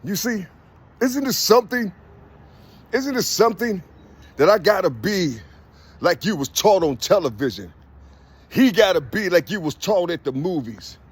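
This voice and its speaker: Slangy, preachy man with a husky voice. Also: high-pitched, sing-song, measured pace, long pauses. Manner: preachy, repeats "you see" constantly; loose, slangy and streetwise. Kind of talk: spiritual monologue.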